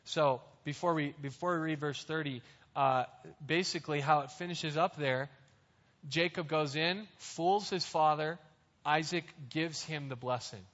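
A man preaching a sermon, explaining scripture in plain, conversational words and speaking slowly and deliberately. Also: on the high side, a bit bright. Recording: reverberant hall, dull lo-fi sound.

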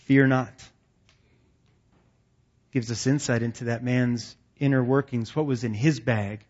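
A man's voice: medium pitch, fairly even intonation, moderate pace, a little mellow, husky, lo-fi sound. A man leading a men's ministry meeting, preaching in a folksy, conversational and self-deprecating way to men seated around tables. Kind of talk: sermon to a men's gathering.

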